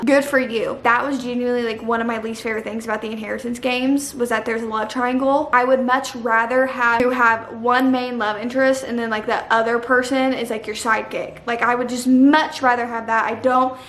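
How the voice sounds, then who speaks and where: This casual chat comes from a young book vlogger whose voice is fairly high with a fairly bright tone. She airs her opinions dramatically, and the recording carries echo and a faint hiss.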